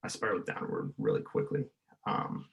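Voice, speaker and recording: A young man, a podcast guest, casually telling a story, laughing often and acting out quotes loudly. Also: moderate pace, highs cut off.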